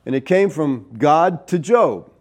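A man preaching a sermon in an animated way, with rhetorical asides to the congregation. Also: a little high, measured pace. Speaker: pastor.

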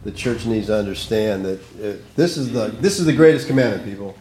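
A man's voice: fairly low pitch, lively intonation, fast talker, darkish tone, roomy sound, slight background noise. Conversational man teaching a Bible study. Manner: plain-spoken, conversational, checks in with "okay?". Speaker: pastor leading a Bible study. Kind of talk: teaching sermon with group discussion.

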